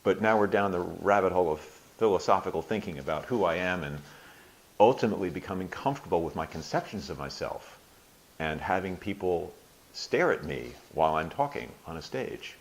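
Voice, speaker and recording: A man in his sixties answering interview questions thoughtfully, pausing and restarting, now and then acting out his own inner voices with playful emphasis. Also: low voice, animated, low-quality recording. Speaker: interview guest, workshop alumnus.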